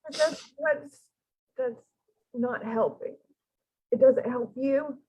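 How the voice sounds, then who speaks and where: A woman speaking in a gentle, earnest way as she gives spiritual counseling in a channeling session. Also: high voice, slow, breathy edge, muffled recording. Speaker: channeling medium.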